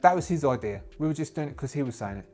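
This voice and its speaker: A man's voice: fairly high pitch, lively intonation, fast talker, darkish tone, faint music behind, close to an everyday voice. A man voicing surly male prisoners who brush off questions in a curt, defensive way.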